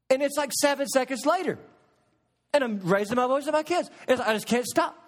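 A middle-aged man preaching a sermon as pastor, swinging between loud emphasis and hushed, quiet asides. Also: high voice, lively intonation, fast.

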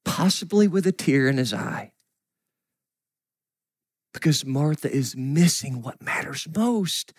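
A middle-aged man preaching a sermon as a pastor, earnest, often sinking to a soft whisper. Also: fairly high pitch, lively intonation, slow, long pauses, no echo, clean studio sound. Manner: earnest, drops to soft whispers for quoted grief.

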